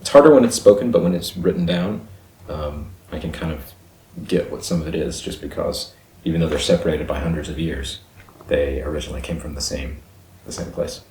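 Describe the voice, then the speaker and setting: A man with a very deep voice hosts a casual reaction video. He muses aloud, trails off with fillers and repeats words to test how they sound. The room around him rings with echo. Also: fairly quick, dark tone, slight background noise. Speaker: channel host reacting to a video.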